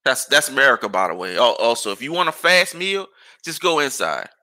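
A man's voice: mid-range voice, sing-song, fairly quick, sharp tone. A man hosting a podcast, ranting casually and with exasperation, firing off rhetorical questions and curses. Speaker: podcast host.

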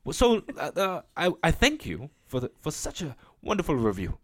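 A man's voice: on the high side, wildly swooping pitch, moderate pace. A man in his thirties hosting a podcast, rambling in a goofy, joking casual chat. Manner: goofy, rambling, with many restarts. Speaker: podcast host.

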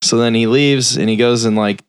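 A man's voice: medium pitch, steady tone, normal speed, clear, resonant tone, no room sound, studio quality. A man hosting a podcast, casually retelling a film's plot and briefly doing voices for the characters. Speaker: podcast host. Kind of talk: casual film recap.

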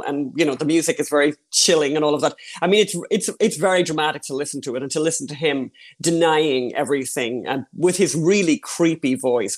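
A man talking as a guest in an interview, animated and repetitive, with plenty of "you know" fillers. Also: a little high. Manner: animated, repeats phrases, many fillers. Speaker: podcast producer, guest. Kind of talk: casual interview chat.

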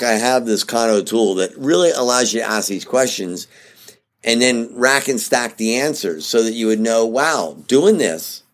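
A man giving a casual spoken lesson on project leadership, talking in a conversational way and checking in with his listeners. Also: mid-range voice. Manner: animated and conversational, often checking in with "okay?".

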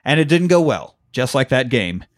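A man's voice: medium pitch, sing-song, moderate pace. A man co-hosting a podcast, recapping a film in casual chat, swearing freely and laughing often. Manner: profane, jokey, laughs often, acts out scenes. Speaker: podcast co-host.

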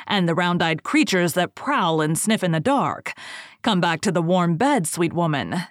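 A woman voicing a stern king who teases slowly and mockingly, in a storybook reading. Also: on the low side, no echo, clean studio sound. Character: stern king, teasing and sly.

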